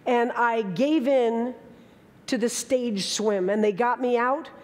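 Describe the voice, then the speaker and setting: A woman's voice: a little high, takes it slowly, darkish tone, long reverb tail. A woman in her sixties telling a dramatic story on stage, with vivid, emphatic bursts. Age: 60s. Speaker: speaker. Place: large hall with an audience.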